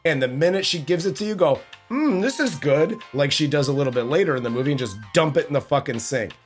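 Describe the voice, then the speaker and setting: A man's voice: medium pitch, quick pace, faint music behind. A man co-hosting a movie review podcast, chatting in a casual, profane, mocking way. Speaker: podcast co-host.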